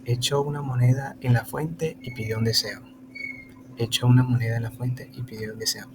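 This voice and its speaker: A man from America, a tutor teaching an online lesson in halting English with many restarts. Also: medium pitch. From Latin America. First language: Spanish. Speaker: Spanish tutor. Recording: steady background noise.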